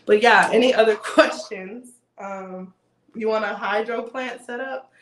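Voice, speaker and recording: A woman's voice: mid-range voice, fairly even intonation, unhurried. Chatty woman livestreaming in an echoey room. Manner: chatty, rambling, joking. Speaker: livestream host. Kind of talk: casual livestream chat.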